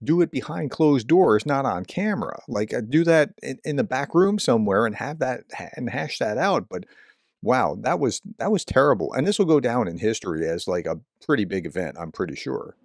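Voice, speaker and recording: A man commenting on news clips, who breaks in with startled reactions and then reads statements aloud in a calm, steady voice. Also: mid-range voice, moderate pace, dry recording, studio quality. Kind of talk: casual commentary.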